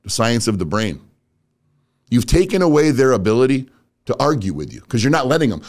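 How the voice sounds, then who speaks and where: A man with a medium-pitched, very animated voice talks fairly quickly. A motivational speaker who also owns an auto business, he gives viewers a casual pep talk, blunt and direct, full of street slang, calling his audience "bro" and "guys."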